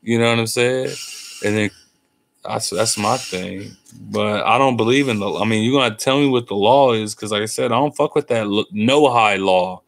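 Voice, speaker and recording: A man's voice: lowish voice, moderate pace, creaky. A tired man talking in a casual, rambling monologue, cursing freely and using street slang. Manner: profane, meandering, street slang. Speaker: host.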